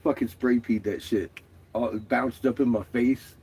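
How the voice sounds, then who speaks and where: A man's voice: mid-range voice, fairly even intonation, normal speed, a little mellow, husky. A man chatting casually in a vlog, laughing often and swearing freely. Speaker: vlogger. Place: out and about, doing laundry.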